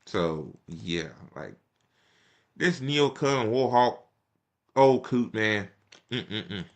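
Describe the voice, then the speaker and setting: A man's voice: lowish voice, expressive, drawn-out words. A young man reacting to a political speech in casual, profane, mocking commentary.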